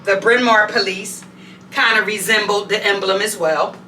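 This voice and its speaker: A woman vlogger telling a story in an animated, conversational way at home. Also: medium pitch, normal speed, roomy sound, far from the mic, background noise. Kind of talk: storytime vlog. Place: home bathroom.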